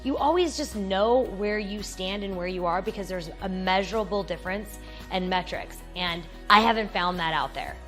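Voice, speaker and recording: A woman's voice: medium pitch, normal speed, fairly bright tone, faint music behind. A woman CEO and business consultant speaking bluntly and seriously about results. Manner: blunt, serious, outcome-driven. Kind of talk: direct-to-camera talk.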